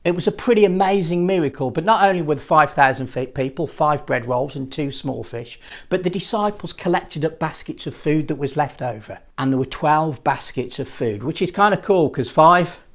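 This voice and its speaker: A man presenting a children's assembly, telling a Bible story in a playful, expressive way with jokey asides. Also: a little high, moderate pace, hardly any pauses.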